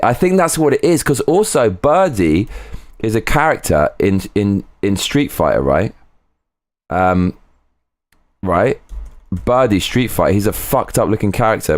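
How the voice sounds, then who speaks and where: A man streams live from home in a casual chat, rambling, swearing and breaking into sung snatches. His voice is fairly low, and the recording is dry.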